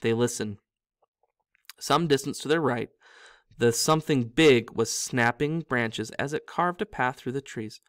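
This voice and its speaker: A man's voice: medium pitch, unhurried, no room sound, studio quality. A man reading a novel aloud as a storyteller, with small slips that he corrects himself. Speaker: reader.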